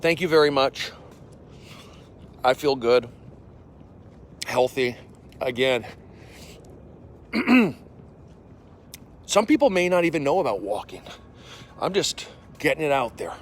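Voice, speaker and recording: A man in his forties streams live from his phone while walking outside. He swings from loud, lively bursts to mumbled asides, and his throat is irritated and scratchy. Faint street noise runs under his voice. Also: mid-range voice, slow pace, pauses often. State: throat irritated, coughing and clearing throat. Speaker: comedian livestreaming to viewers. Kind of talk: casual livestream chat reading comments.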